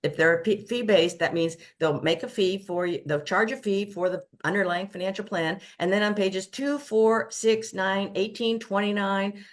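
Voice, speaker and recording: A woman's voice: medium pitch, normal speed, few pauses. An older woman, a financial planner, explaining money matters in a casual video chat, emphatic and fond of playful catchphrases.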